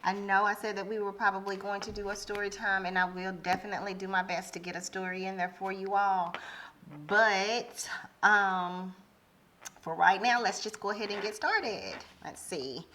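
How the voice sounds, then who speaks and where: A woman vlogger chatting casually as she counts out cash, hesitant and full of fillers and self-corrections. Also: moderate pace. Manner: counts money aloud in a low murmur. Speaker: budgeting vlogger. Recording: steady background noise.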